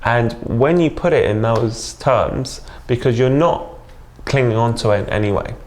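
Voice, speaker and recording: A man's voice: medium pitch, normal speed, darkish tone. A man, a dating coach talking earnestly in a casual interview.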